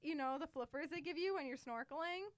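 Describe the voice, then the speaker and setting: A young woman co-hosts a podcast, chatting casually and telling stories with plenty of laughter. Her voice is high-pitched and fairly quick with no echo, and she comes across as a giggly, animated storyteller.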